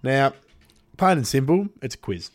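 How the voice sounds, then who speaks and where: A man's voice: mid-range voice, very animated, normal speed. A man hosting a casual podcast chat, jokey and upbeat, with plenty of fillers. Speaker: podcast host.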